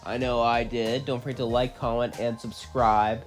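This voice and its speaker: A man with a slight cough narrates a homemade story and then breaks into an animated, exasperated rant, voice at an ordinary pitch. Faint music plays under him. He sounds recorded at home on a desk mic. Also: normal speed. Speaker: channel host, narrator.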